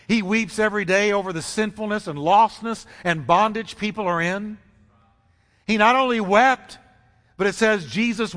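Emphatic high-voiced preacher in a hall. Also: male voice, fairly bright tone. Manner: dramatic, emphatic preaching with repetition and sudden pitch swings. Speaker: pastor. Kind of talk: sermon. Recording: long reverb of a large hall.

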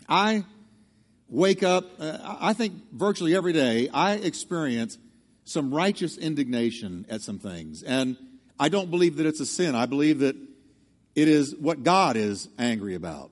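Pastor guy preaching, fairly high voice, really lively ups and downs, church reverb. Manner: emphatic, call-and-response with the congregation. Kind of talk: sermon. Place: church sanctuary.

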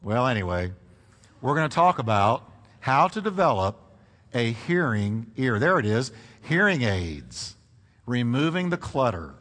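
Male pastor preaching, lively pitch, bright tone, church hall reverb. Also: measured pace. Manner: animated preaching with congregation call-and-response. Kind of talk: sermon.

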